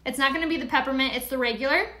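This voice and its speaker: Woman, from San Diego, bright tense voice, chatty, rambling, live makeup tutorial host. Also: sits high. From San Diego, California. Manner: chatty, rambling, quick asides to viewers. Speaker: beauty product seller and live-streamer.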